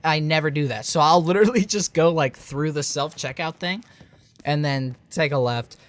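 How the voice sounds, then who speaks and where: Young male reviewer, loose rambling rant delivery, voice a touch high. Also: normal speed. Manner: rambling, filler-heavy, restarts. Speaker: game reviewer. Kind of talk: rambling late-night vlog rant.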